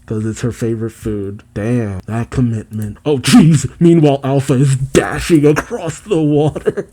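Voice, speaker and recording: Dark-voiced man reacting to a manga. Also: medium pitch, measured pace. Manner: narrates scenes, then reacts with exclamations and laughs. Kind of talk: casual commentary and reading aloud.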